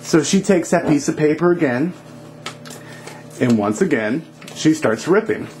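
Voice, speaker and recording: A man's voice: on the high side, measured pace, a little hiss or hum. Laid-back man telling a story. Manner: relaxed, with fillers and hedges. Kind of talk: casual spoken storytelling.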